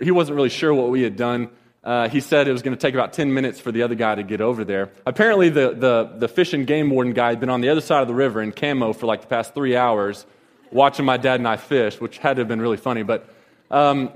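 A man in his thirties telling a rambling personal story, with lots of fillers and restarts. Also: medium pitch. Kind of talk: casual personal anecdote. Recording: long echoing reverb.

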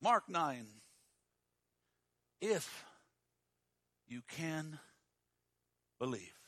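A man preaching a sermon in a dramatic style, dropping to a hush and then rising to a shout. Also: a little high, sing-song, extremely slow, no echo. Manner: dramatic, swings from hushed to shouting.

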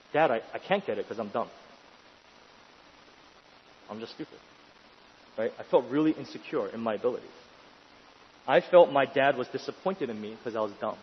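A man preaching a sermon with emphatic delivery, pushing his voice up into urgent questions and then dropping to a hush. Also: mid-range voice, slight background noise. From New York City. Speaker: pastor. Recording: dull, lo-fi sound in a long-reverb hall.

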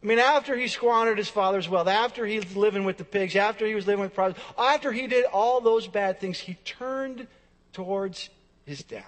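A man with a high voice preaching a sermon in a church, leaning hard on repeated phrases and swinging from soft to loud. His voice rings out with a long hall reverb behind every line. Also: brisk. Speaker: pastor.

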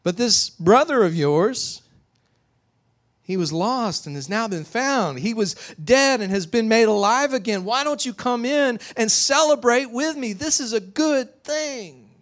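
A man voicing a loving father who gently and earnestly pleads with his son. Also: sits high, very animated, normal speed, pitched above the performer's own voice. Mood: pleading.

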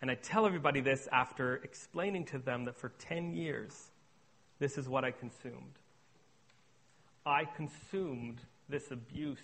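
A man's voice: medium pitch, husky. Earnest man giving a sermon testimony. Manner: earnest, shifts between hushed and emphatic. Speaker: speaker on addiction recovery.

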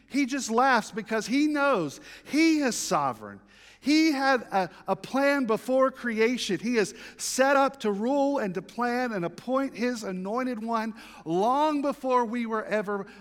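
A man with a high, light voice preaches a sermon, earnest and often rising into emphatic declarations. His words ring out with a long reverb, as if spoken in a large hall. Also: a bit bright. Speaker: pastor.

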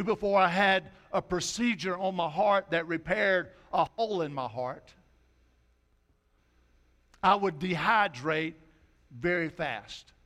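Folksy preacher, fairly high voice. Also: male voice. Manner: folksy preaching, drops to soft quoted asides. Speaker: pastor. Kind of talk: sermon.

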